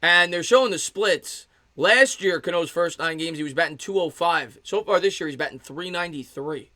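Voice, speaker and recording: Excited fan calling play-by-play, bright voice. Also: male voice, moderate pace, no room sound. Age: 30s. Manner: excited fan calling pitches, thanks chat viewers. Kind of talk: live play-by-play commentary with chat replies.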